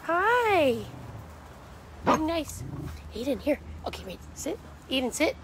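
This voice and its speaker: A dog rescue volunteer live-streams outdoors in a backyard, using coaxing baby talk to call the dogs and cheer them on. She speaks at a moderate pace in a high, animated voice, and the background is noisy.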